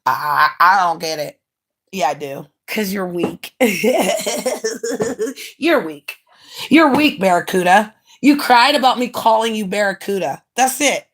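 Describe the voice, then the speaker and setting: A woman streamer in a brash, profane rant, mocking rivals and swinging between loud jabs and low mutters. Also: animated, unhurried. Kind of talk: ranting livestream monologue.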